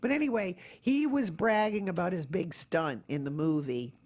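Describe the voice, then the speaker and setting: Animated storytelling woman host. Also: fairly low pitch, moderate pace. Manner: animated storyteller, acts out quotes. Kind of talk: casual interview chat.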